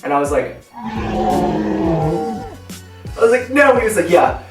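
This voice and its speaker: A man's voice: on the high side, big pitch swings, slow, far from the mic. A young man casually telling a story while doing his makeup, acting out voices as he goes. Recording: echoey room, voice from off-mic, faint music.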